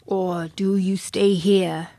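A woman voicing a sly little fat coachman who coaxes the children in a low, soft, wheedling tone. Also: flat delivery, slow, vocal fry, no echo, studio quality.

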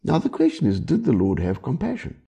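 A man's voice: medium pitch, wildly swooping pitch, a little fast, creaky, mellow, breathy edge. A man preaching a sermon in a conversational way, often asking the listeners questions. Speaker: pastor.

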